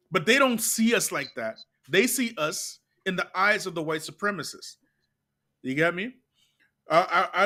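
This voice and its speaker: A man from Canada hosting a channel, telling stories in an animated, chatty way with "you get me" asides. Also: a little high. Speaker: channel host. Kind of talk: casual commentary and storytelling.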